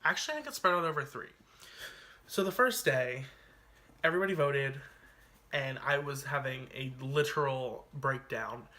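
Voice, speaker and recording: A man's voice: medium pitch, moderate pace, pushed and bright. A man telling a personal story on his vlog in a chatty, dramatic way, full of "like" and asides. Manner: chatty, dramatic retelling peppered with "like". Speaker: YouTuber.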